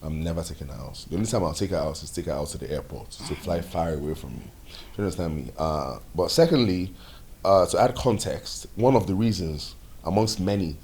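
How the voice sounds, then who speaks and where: A man's voice: low-pitched, expressive, brisk, darkish tone. A young man with a Nigerian accent playing a blunt, sarcastic grown son in a Nollywood film, scornful and indignant. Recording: echoey room with faint hum.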